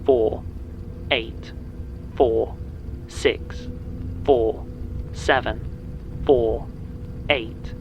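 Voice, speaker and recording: A gravelly, slow number reciter. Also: male voice, medium pitch, steady tone, dull audio, a little hiss or hum. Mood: grim, measured. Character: man slowly reading out ominous coded numbers. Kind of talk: audio drama narration.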